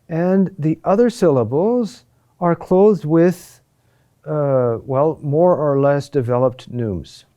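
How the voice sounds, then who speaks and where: A man teaching a class on Gregorian chant, speaking in a halting way with many pauses and restarts. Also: fairly high pitch, dark tone. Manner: slow, halting delivery with many fillers and restarts. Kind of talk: classroom lecture.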